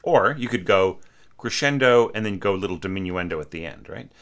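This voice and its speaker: A man's voice: low-pitched, animated, brisk. A man teaching orchestration, talking through a student's score and singing the phrases aloud on "da" syllables, often checking in with "right?". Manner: frequent rhetorical "right?" checks. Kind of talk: spoken critique of a score.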